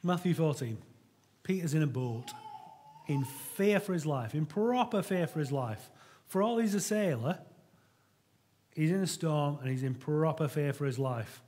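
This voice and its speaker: Middle-aged male preacher, husky and a touch high-pitched, earnest and conversational sermon delivery. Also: expressive, moderate pace, a little mellow. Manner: earnest and conversational, with frequent restarts.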